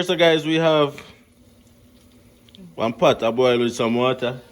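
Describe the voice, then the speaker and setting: A man's voice: mid-range voice, a little slow, long pauses. A young man with a Jamaican accent chatting casually to his viewers in a home kitchen, laid-back and laughing often. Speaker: vlogger. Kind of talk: casual vlog chat.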